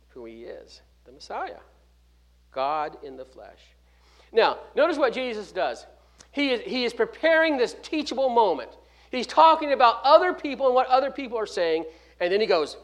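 A man delivers a sermon in a notably high voice. He preaches emphatically, rising loud on key points and dropping to a near hush. He restarts words and adds an 'uh' here and there. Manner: emphatic preaching with sharp swings from loud to hushed; fills gaps with 'uh' and restarts words mid-phrase. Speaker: pastor.

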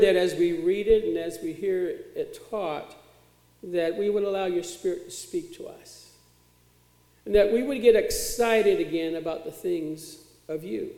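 A pastor with a high-pitched, warm voice preaches a sermon in a church sanctuary, speaking plainly and conversationally with occasional fillers. The church hall is echoey.

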